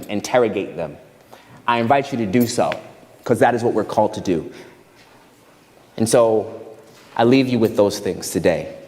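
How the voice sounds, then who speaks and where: A man's voice: fairly low pitch, darkish tone. A man preaching a sermon as guest minister, emphatic and folksy, repeating his phrases for weight. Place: large church hall. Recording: long hall reverb with instrument behind.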